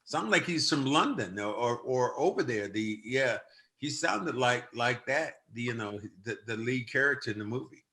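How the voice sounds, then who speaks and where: This older man's voice is mid-range at a normal speed as he hosts his podcast in casual conversation. He tells stories with gusto, animatedly acting out quotes in a loud voice.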